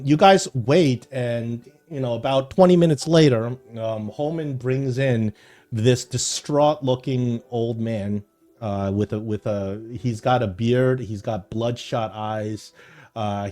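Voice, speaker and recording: A man's voice: medium pitch, slow pace, dark tone. A man narrating a tabletop game as game master, rambling through scenes with fillers and restarts.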